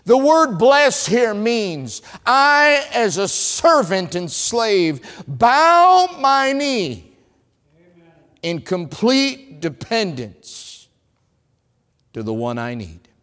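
A man with a Southern US accent from North Carolina preaching a sermon as an evangelist, telling stories and swinging between loud lines and hushed ones. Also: sits high, big pitch swings, very slow, big-room sound. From North Carolina, USA.

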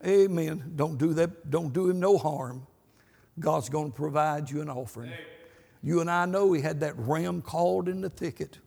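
A man's voice: a little high, steady tone, moderate pace, creaky, a little mellow, in a large hall. A man preaching a sermon, telling folksy stories and punctuating them with amens. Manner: folksy storytelling, repeated amens. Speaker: pastor.

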